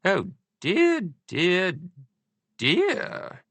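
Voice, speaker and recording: A fussy, chatty old queen flutters along in a high, prim voice, as a male audiobook reader puts her on. Her tone sits well above his usual and sounds like a different person, and the recording is dry and close. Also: wildly swooping pitch, very slow, a bit bright, no room sound, heavily acted. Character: chatty elderly Queen of England, fussy and flustered. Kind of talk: audiobook character voice.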